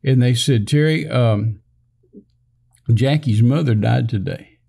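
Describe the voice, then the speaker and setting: A man's voice: mid-range voice, slow, gravelly, dark tone, slightly rough. An older man from Texas, a minister telling a rambling personal story in casual conversation, with many fillers and restarts, acting out the dialogue he quotes.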